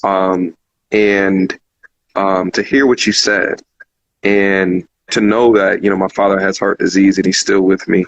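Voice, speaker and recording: A man's voice: low-pitched, flat delivery, measured pace. A man hosting a call-in show, talking in an earnest, heartfelt way, repeating phrases and using lots of fillers. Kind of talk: casual heartfelt talk. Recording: muffled lo-fi recording.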